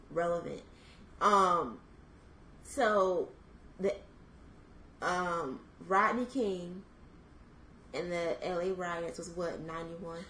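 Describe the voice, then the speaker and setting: A young woman in her twenties co-hosting a podcast, thinking out loud in casual chat with lots of fillers. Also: lowish voice, reverberant, slight background noise, rough recording. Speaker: podcast co-host.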